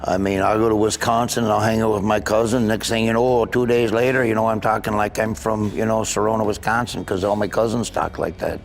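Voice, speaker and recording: A comedian in his sixties from the Midwestern United States chats casually in an interview, telling rambling anecdotes and tossing off quick imitations. His voice sits on the low side with fairly even intonation, and there's a little hiss or hum on the recording.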